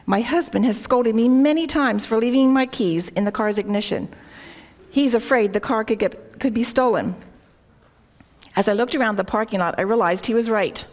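A woman's voice: fairly high pitch, moderate pace. A woman speaking earnestly to a women's group, telling a story and reading scripture, often turning to her listeners with questions. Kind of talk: devotional talk with anecdote and scripture reading. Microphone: wearing a worn microphone.

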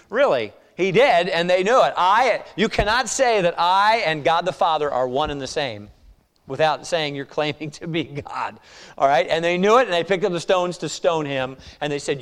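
A male pastor preaching a sermon, reading scripture slowly and pressing his point with rhetorical questions. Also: fairly high pitch, lively intonation. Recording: long reverb of a hall.

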